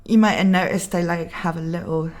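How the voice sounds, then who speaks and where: Fairly low-pitched and steady, this young English woman talks fairly quickly in a slightly posh accent while streaming. She's chatty and giggly, reading out live viewer comments and laughing frequently between remarks.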